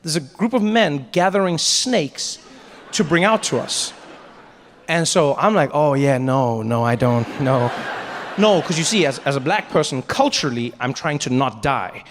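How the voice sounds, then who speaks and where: A man doing stand-up storytelling, animated, often breaking off and restarting. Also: normal speed, big-room sound, background noise. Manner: animated, many self-interruptions, jumps into high voices. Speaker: stand-up comedian.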